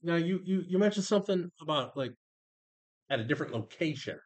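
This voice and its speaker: A man narrating a tabletop role-playing game as game master, animated and quick to laugh. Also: a little high.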